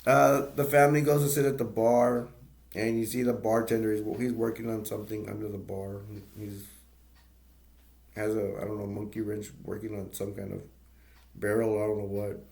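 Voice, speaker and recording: A man's voice: lowish voice, little pitch movement, normal speed, vocal fry, a little mellow. A man casually retelling a movie's plot as a reviewer, rambling with many fillers, restarts and brief laughs.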